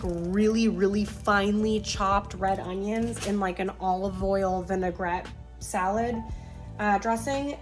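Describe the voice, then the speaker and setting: A young woman talking casually and emotionally to camera in her home kitchen, swearing freely as she cooks and chats. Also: medium pitch. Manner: profane, emotional, chatty. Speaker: vlogger. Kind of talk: casual vlog chat.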